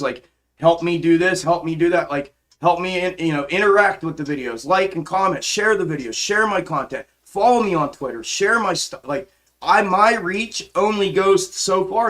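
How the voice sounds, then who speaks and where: A man with a fairly high voice rants on his live stream, swearing freely and circling back over the same points. His talk is passionate and exasperated, full of false starts and repeated phrases. He sounds like he is at a home desk mic. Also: a bit bright. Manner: profane, repetitive, frustrated ranting with frequent restarts. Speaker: stock trading live streamer. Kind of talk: impassioned ranting monologue.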